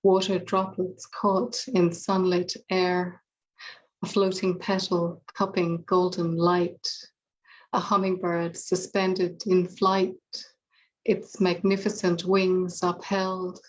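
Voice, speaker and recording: A woman reading her own poetry aloud with slow, deliberate phrasing. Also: on the low side, flat delivery, highs cut off, slight background noise. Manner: slow, measured, deliberate delivery. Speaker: poet reading her work.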